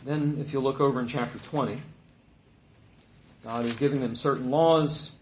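A man's voice: mid-range voice, fairly even intonation, moderate pace, slight background noise. Preacher man in an echoey room. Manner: conversational, retells scripture with mocking quoted voices. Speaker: pastor. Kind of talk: sermon.

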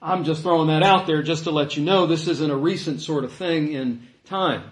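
A man preaching a sermon in an animated way, acting out the voices he quotes. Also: fairly high pitch, moderate pace. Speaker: pastor. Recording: echoey room.

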